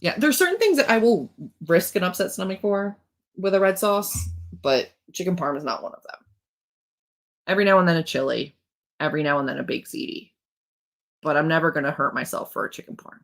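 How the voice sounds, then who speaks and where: A woman's voice: lowish voice, expressive, a little fast. A young woman hosting a livestream, chatting casually and joking as she rambles. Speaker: livestream host, author. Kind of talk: casual chat.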